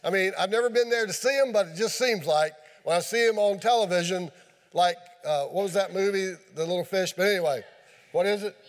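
High-voiced man preaching a folksy sermon. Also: a little fast. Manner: folksy, animated storytelling with sound effects. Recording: long hall reverb.

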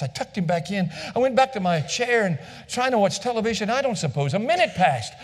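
A man's voice: sits high, very animated, a little fast, hardly any pauses. A male pastor telling a story in a sermon, acting out the dialogue and repeating phrases for effect. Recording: long reverb of a large hall.

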